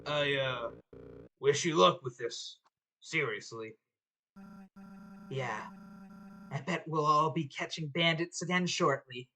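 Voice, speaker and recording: A woman voicing a laid-back cowboy sheriff from a game, low and drawling, reading dialogue on a stream. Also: slow pace, long pauses, sharp tone, heavily acted, low-quality recording. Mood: easygoing.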